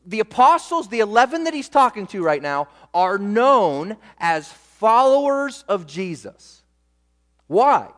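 A young man preaching a sermon as pastor, animated and emphatic, repeating words for weight. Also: high-pitched. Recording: echoey hall reverb.

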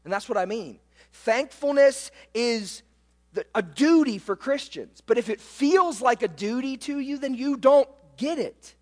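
A man delivers a sermon in a strikingly high voice, taking his time over each phrase. He keeps turning to the congregation with rhetorical questions. The sound carries the long tail of a reverberant church hall. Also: expressive, unhurried. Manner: emphatic, with frequent rhetorical questions to the listeners. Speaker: preacher.

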